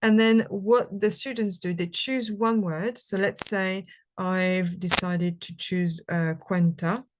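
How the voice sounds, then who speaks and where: A woman's voice: medium pitch, fairly even intonation, slow. A woman presenting a live teaching webinar for language teachers, explaining activities step by step with many "okay"s. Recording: recorded live webinar with faint background noise.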